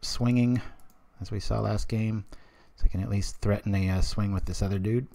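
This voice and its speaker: A man in his thirties with a fairly low voice talks through his plays in a live card game stream. He drifts into casual, rambling asides and keeps checking in with his chat as he goes. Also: fairly even intonation, moderate pace, gravelly, dark tone. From United States.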